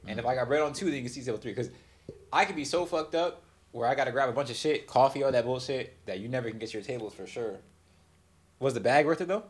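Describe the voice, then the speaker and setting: A man's voice: medium pitch, fast talker. A man hosting a casual podcast, chatting in a laid-back way and asking his guest for stories. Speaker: podcast host. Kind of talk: casual chat.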